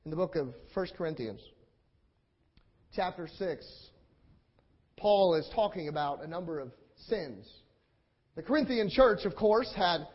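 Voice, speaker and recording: High-voiced man preaching with passion. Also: breathy edge. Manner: impassioned, repetitive rhetorical build-ups, acts out quotes. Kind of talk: sermon. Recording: dull lo-fi sound.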